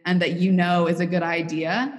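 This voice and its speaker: A woman's voice: on the low side, flat delivery, normal speed, in a large hall, muffled recording. A woman in her twenties from Missouri, with a Missouri accent, answering interview questions in a poised, articulate and earnest way. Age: 20s. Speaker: interview guest, college student.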